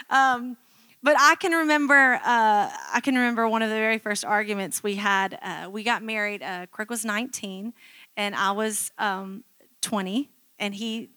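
A woman's voice: mid-range voice, bright, forceful tone, no echo. A middle-aged woman pastor preaching a sermon in a chatty, self-mocking storytelling way, acting out quotes from her own life.

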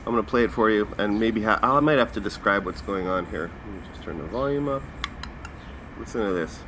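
A man's voice: on the low side, brisk. Dude ranting and swearing on his podcast, faint noise behind. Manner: profane, animated ranting. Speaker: podcast host. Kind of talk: casual comedic podcast rant.

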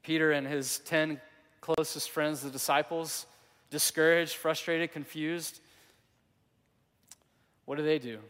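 A male pastor preaching a sermon in a church hall, his fairly high voice carrying with a long reverb. He tells a story and acts out the quotes, swinging between loud bursts and hushed stretches. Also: level tone, takes it slowly, pauses often.

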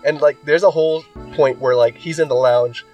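A man's voice: on the high side, fairly even intonation, normal speed, a little mellow, far from the mic, dull audio, soft background music. A man co-hosting a casual podcast chat. He rambles and packs his talk with "like" and "um". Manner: rambling, filler-heavy with many likes and ums. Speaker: podcast co-host.

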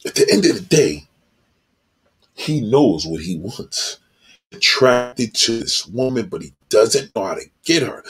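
A man delivering a blunt, profane monologue, animated and acting out the people he talks about. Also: mid-range voice, husky.

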